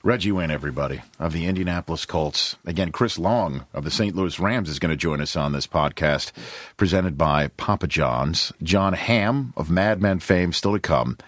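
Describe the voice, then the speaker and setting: Brief: very low male host, short interjections and segment links, dry close mic. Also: lively intonation, a bit bright, no echo. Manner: brief affirmations and quick wrap-ups. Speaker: podcast host. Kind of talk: interview and show hosting.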